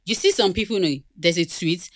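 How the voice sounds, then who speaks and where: A woman with a Nigerian accent, a guest on a podcast, talking casually in an animated, emphatic way. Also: fairly low pitch, fairly quick, dry recording, clean studio sound. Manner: animated and emphatic, playful laughter.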